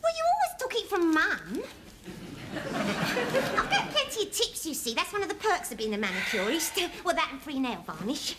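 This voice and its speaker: A woman's voice: very high-pitched, wildly swooping pitch, moderate pace, heavily acted. An actress playing a cheeky, affectionate young woman, a manicurist daughter, in a 1970s TV sitcom. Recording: noisy 1970s TV soundtrack.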